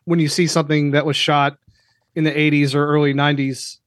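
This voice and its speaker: A man's voice: on the high side, level tone, brisk, no room sound, clean studio sound. A man co-hosting a casual film podcast, talking tentatively as he searches for words.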